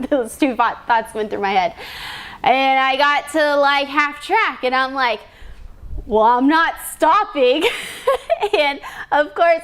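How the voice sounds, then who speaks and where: Young woman, race driver, interview, excited storytelling, frequent laughs, slightly high voice. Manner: excited, laughs often, restarts sentences. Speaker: drag racing driver.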